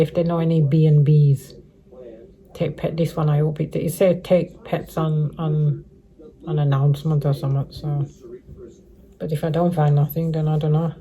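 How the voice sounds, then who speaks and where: Her voice is low-pitched and warm. Living rough on the streets, the middle-aged woman vlogs a casual update for her viewers, going off on tangents, repeating herself and restarting frequently.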